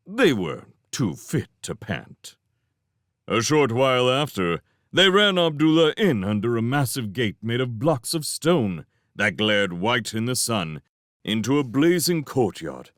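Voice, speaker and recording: Slow, expressive male storyteller. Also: medium pitch, no room sound, studio quality. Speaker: reader of a novel. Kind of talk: fan audiobook narration.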